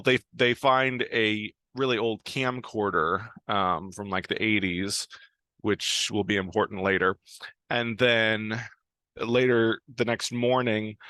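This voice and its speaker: Casual American male host, fairly low voice, chatty recap full of fillers and chuckles, dry sound. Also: bright, forceful tone, clear, resonant tone, dry recording. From United States. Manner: rambling, many fillers and restarts, chuckles often. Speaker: video host.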